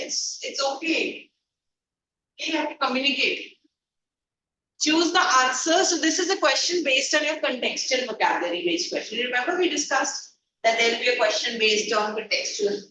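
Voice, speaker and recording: A woman's voice: high-pitched, animated, moderate pace. A woman with an Indian English accent teaching an online class, quizzing students and slipping into Hindi phrases. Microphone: video call. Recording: echoey, distant, noisy call audio.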